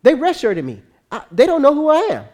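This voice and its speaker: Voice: medium pitch, very animated, very fast, mellow, close to an everyday voice. A preacher acting out a cocky, whiny young male college football player who insists he deserves to play. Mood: boastful. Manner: boastful, whiny, indignant.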